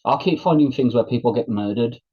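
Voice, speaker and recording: A man's voice: mid-range voice, fairly quick, breathy edge. A man co-hosting a casual podcast, making dry quips and retelling a comedy bit. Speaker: podcast co-host. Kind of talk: casual chat. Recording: dull lo-fi sound.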